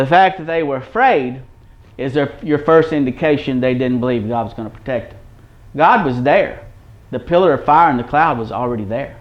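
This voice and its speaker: An earnest male preacher works through a Bible lesson, restating his points and checking that his listeners follow. His voice sits in a middling register. The recording sounds dull and lo-fi. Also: medium pitch. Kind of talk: Bible-teaching sermon.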